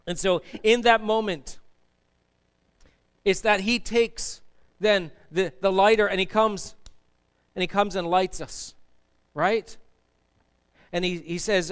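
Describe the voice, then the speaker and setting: High-voiced man preaching a sermon. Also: measured pace, a bit bright, clear, resonant tone. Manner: emphatic, asks the congregation to respond. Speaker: pastor. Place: church sanctuary.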